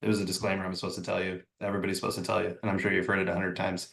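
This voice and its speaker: Guy running a realtor training call, chatty, kinda lowish voice, roomy echo. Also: completely flat delivery, rapid-fire, creaky, fairly bright tone. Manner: casual, talkative, acts out sample phone messages. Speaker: real estate trainer. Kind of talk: live online training session.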